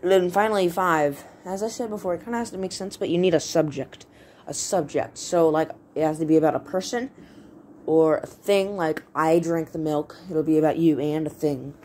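A woman's voice: sits low, moderate pace, mellow, slight background noise. A woman hosting a casual writing tutorial video, talking in a rambling, playful way and often correcting herself mid-word.

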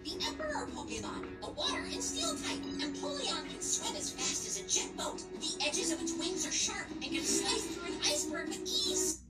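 An actor voicing an electronic encyclopedia device that reads out a creature entry in a crisp announcing manner, played from a cartoon. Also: very high voice, sing-song, normal speed, few pauses, sharp tone, soft background music, exaggerated voice. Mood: informative. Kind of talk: scripted informational narration. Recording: tinny sound from a television, far off.

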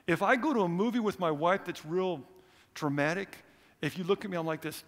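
A middle-aged male preacher tells stories from the pulpit with an animated, earnest delivery. His voice is gravelly and sits a bit high. The sound rings with the long reverb of a church hall. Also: fairly quick, noisy background. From United States. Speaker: missionary speaker. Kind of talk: sermon.

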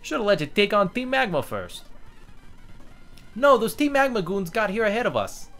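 A man hamming up a boastful villain boss with a thick put-on Italian accent. The voice sits higher than his usual talk and swings widely, delivered like an over-the-top game baddie. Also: big pitch swings, moderate pace, a bit bright, faint music behind, exaggerated voice. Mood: scheming. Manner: hammy, theatrical line reading. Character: boastful villain gang boss, male adult.

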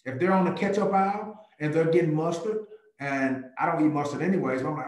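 A man with a fairly high voice talks about his work as a guest on a video call. He tells his stories with energy and often slips into acted-out bits of chat. The sound is roomy and echoey. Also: brisk. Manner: animated, jumps into a higher voice to act out chats. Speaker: real estate agent, guest speaker. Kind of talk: lively talk with acted-out dialogues.

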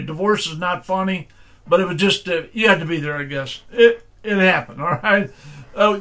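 An older man preaches in a folksy, conversational way, full of homespun stories and asides. His voice sits high and sounds bright and ringing. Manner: folksy storytelling preaching, says "all right?" often. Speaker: pastor. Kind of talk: sermon.

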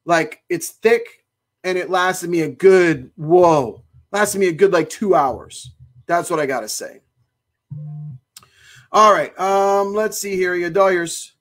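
A man's voice: high voice, slow pace, a bit bright. A man hosting a cigar shop livestream, chatting casually and enthusiastically as he reads viewer comments. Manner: chatty and enthusiastic, exclaims often.

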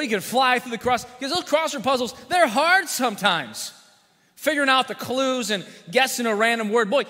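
High bright pastor in a hall. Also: male voice. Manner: folksy, asks the congregation questions. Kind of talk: sermon with jokes. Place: church sanctuary. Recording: long church hall reverb.

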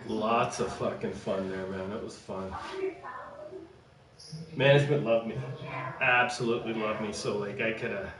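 A man's voice: fairly low pitch, normal speed, long pauses. Guy swearing thru his stories, echoey room, far from the mic. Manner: profane, animated anecdotes. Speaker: streamer chatting with a friend. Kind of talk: casual storytelling chat.

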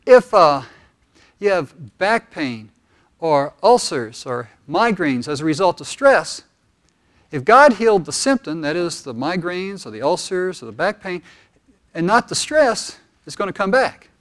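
A male pastor delivers a sermon with lively, conversational storytelling. His voice sits notably high for a man. He moves easily between joke and teaching. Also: a little slow.

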